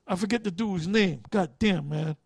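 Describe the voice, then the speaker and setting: A man's voice: high voice, normal speed, gravelly, breathy edge, no echo. A man leading a group study in a casual preaching style, talking bluntly with street slang and profanity, often stopping to hunt for a word. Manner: loses words and restarts while thinking aloud.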